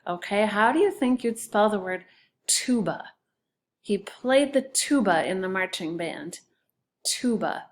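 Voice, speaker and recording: Slow, patient woman teaching spelling. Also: mid-range voice, lively intonation. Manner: slow, patient, sounding out syllables. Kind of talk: recorded spelling lesson for children.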